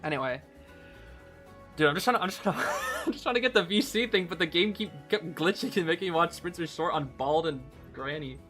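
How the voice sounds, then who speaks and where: A man streaming, casually co-commentating esports matches and chatting to viewers in an excitable way, often saying "bro" and laughing. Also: a little high, a little fast, soft background music.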